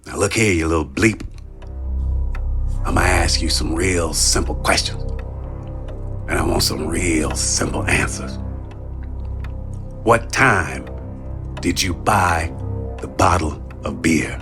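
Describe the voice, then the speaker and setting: Man impersonating a stern movie detective: gruff, deeper than his own voice, slow and menacing, interrogating a suspect. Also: over music.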